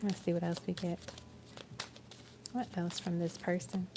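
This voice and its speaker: Woman reading tarot on a live stream, kinda low and gravelly, soft rambly vibe. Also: little pitch movement, unhurried, background noise. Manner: soft, musing, with many fillers. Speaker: tarot reader.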